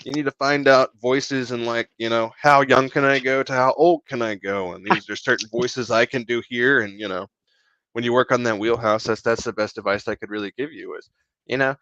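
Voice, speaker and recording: A man's voice: medium pitch, fairly even intonation, brisk, fairly bright tone, dry recording, highs cut off. A man being interviewed about his voice acting work, talking in a joking, laid-back way and saying "you know" often. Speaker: guest voice actor. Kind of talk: casual interview chat.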